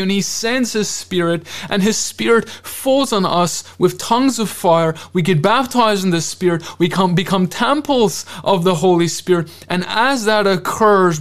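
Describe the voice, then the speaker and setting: A man giving a fervent sermon at an online conference, pressing his listeners with repeated rhetorical questions and closing in prayer. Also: high-pitched. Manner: ends in spoken prayer. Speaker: conference speaker.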